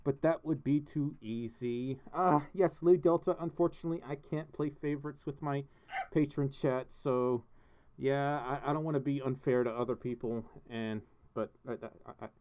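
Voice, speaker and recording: With a medium-pitched, slightly mellow voice at a moderate pace, a man runs a relaxed livestream from his home studio. He chats and giggles, laughing often while reading chat and donations aloud and thanking donors.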